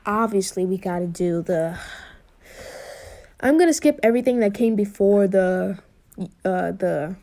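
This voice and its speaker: A young woman casually retelling a fan what-if story in a mellow, warm voice. She rambles, restarts and fills pauses with ums as she goes. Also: medium pitch. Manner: rambling, with many fillers and restarts.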